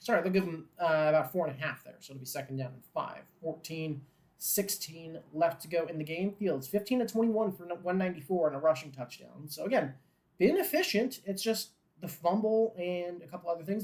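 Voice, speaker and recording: A man hosting a live watchalong who mixes glum fan grumbling and swearing with play-by-play calls that build in excitement on big plays. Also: fairly high pitch, a little fast. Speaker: host of a live game watchalong. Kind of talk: casual live game commentary.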